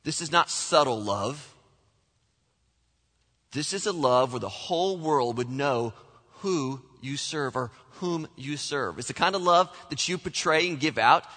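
Male pastor, animated sermon delivery, bright forceful tone, long hall reverb. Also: a little high, measured pace, breathy edge. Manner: animated preaching, acts out quoted voices.

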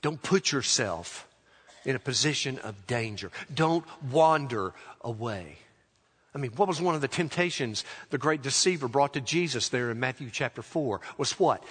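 Husky-voiced preaching man, animated delivery. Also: medium pitch, long reverb tail. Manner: emphatic preaching with dramatic pauses and rising, falling delivery. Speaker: pastor. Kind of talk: sermon. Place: church sanctuary.

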